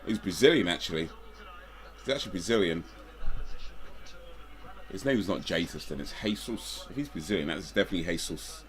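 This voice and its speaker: Deep-voiced man chatting casually. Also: brisk, long pauses. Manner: relaxed, rambling, chuckling asides. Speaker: livestreamer. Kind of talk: casual live watch-along chat.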